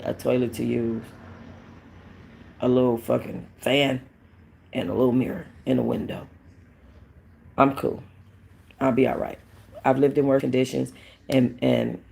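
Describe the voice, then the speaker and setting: A woman's voice: a bass voice, vocal fry, a little mellow. A woman hosting a casual livestream, talking bluntly to her chat, rambling and swearing freely. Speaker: livestream host.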